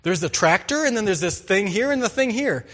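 A man preaching a sermon, reading scripture and telling farm stories, swinging between loud emphasis and hushed asides. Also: sits high, a little fast. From farming background. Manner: storytelling, animated, shifts between loud and hushed. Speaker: pastor.

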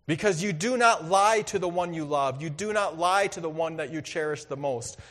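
A high-pitched man delivers a sermon in an earnest, conversational style that now and then swells into loud emphasis. His voice rings with a long reverb, as in a large hall. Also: normal speed. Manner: earnest, conversational preaching with sudden loud bursts. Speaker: pastor.

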